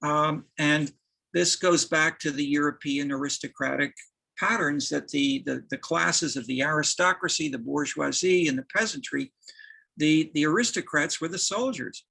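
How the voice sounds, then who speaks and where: A man giving a university lecture, halting, with many restarts and fillers. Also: fairly high pitch, vocal fry, bright, forceful tone, breathy edge, low-quality recording.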